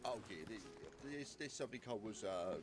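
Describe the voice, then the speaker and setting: A man's voice: lowish voice, expressive, a little fast, background noise. A man playing an eager trainee deputy in an online roleplay, polite and deferential, stammering and calling others sir. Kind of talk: in-character roleplay chat.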